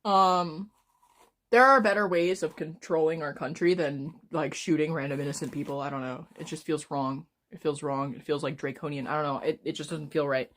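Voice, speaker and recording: A woman in her twenties chatting casually on a live stream, rambling and swearing freely as she talks fast. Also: deep voice, steady tone, fairly bright tone. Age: 20s. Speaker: livestreamer.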